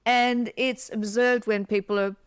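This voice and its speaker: A woman co-hosting a podcast in casual chat, animated and acting out yawns as she explains. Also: a little high, unhurried, clear, resonant tone, dry recording, clean studio sound. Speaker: podcast co-host.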